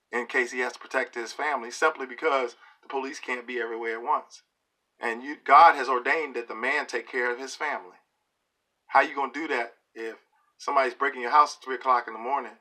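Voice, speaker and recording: Middle-aged man, opinion vlog to camera, preachy, emphatic, bright forceful voice, mid pitch. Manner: emphatic, preachy, keeps checking in with "okay?". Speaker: video blogger.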